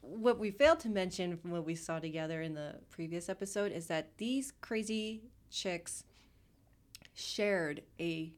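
Lower-pitched woman telling stories animatedly. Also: measured pace. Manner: animated storytelling, swearing, acting out quotes. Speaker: podcast co-host. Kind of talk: casual chat.

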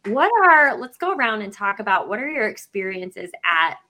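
A woman's voice: mid-range voice, lively intonation, moderate pace, noisy background. A woman co-hosting a podcast in a casual, upbeat chat and steering the conversation. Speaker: podcast co-host.

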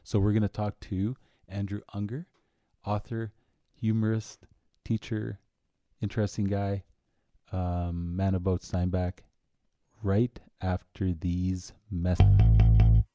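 A man's voice: low voice, slow pace, pauses often, dark tone, dry recording. A man hosting a casual podcast interview, joking and rambling with frequent laughs. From Manitoba, Canada. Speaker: podcast host.

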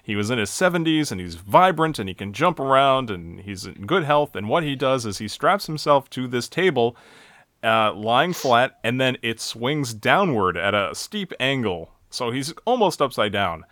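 A man from the United States co-hosting a casual chat, relaxed as he recaps scenes and asks questions. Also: lowish voice, dry recording. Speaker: podcast co-host. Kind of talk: casual chat and film commentary.

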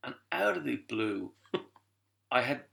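A man's voice: mid-range voice, sing-song, takes it slowly, gravelly, bright, forceful tone. A middle-aged Irish man, a guest who is a voice actor and musician, telling a story in a casual podcast chat and acting out the people he quotes.

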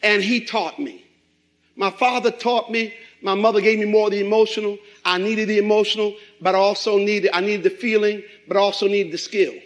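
A middle-aged man preaching a sermon, animated and acting out quoted voices. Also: high voice, fairly quick, few pauses, poor audio. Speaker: pastor.

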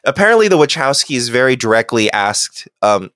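A man chatting through a film commentary with a very lively, swinging pitch. He swears freely and laughs a lot. The sound is dry and close. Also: moderate pace, no room sound. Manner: profane, animated, laughs often. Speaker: movie commentator. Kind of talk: casual movie commentary chat.

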